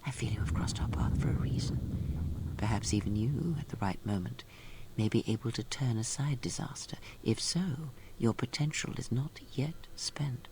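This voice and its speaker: An actress voicing a cold, cryptic, manipulative old female mentor in a video game, speaking in a slow, ominous, whispery way. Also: rumbling low. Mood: probing. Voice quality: whispery, gravelly.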